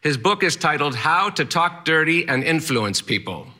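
A man's voice: a little high, very animated, normal speed, crowd noise. A man telling a personal story in the first person, candid, plainspoken and wry.

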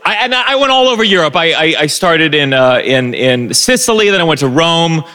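A man telling a self-deprecating personal story on a live stage, animated, with stumbling restarts. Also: on the high side, moderate pace, big-room sound. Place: live stage before an audience.

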